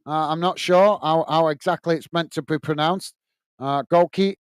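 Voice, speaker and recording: Brief: middle-aged Northern English man, watch-along host, fairly high smooth voice, blunt and chatty, dry close sound. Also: moderate pace, no echo. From north of England. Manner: chatty, blunt, laughs easily, says mate a lot. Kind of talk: match commentary and reading out viewer chat.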